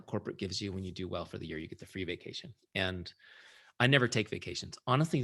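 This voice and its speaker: A middle-aged man who is a founder and sales trainer, giving an energetic, conversational training talk and often checking in with his audience. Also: on the low side. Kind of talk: live training presentation.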